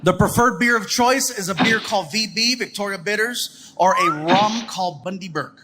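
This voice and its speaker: A man's voice: high voice, moderate pace. A male stand-up comedian telling stories on stage and acting out the people in them, recorded live with audience noise behind him. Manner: animated, acts out characters in voices. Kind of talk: stand-up storytelling.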